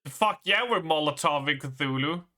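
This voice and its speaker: A man live-streaming a horror game, reading its narration aloud and reacting with excited exclamations and swearing. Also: a little high, normal speed.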